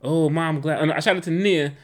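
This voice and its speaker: A man's voice: a little high, brisk. A man co-hosting a podcast in casual chat, telling stories and acting out the people he quotes. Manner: animated storyteller who acts out quoted voices. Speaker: podcast co-host.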